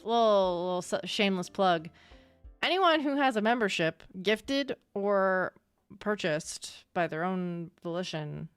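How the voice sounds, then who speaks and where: A young woman livestreamer chatting casually and excitably with her viewers, swearing now and then. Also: fairly low pitch, clear, resonant tone, no room sound. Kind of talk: casual chat with live chat.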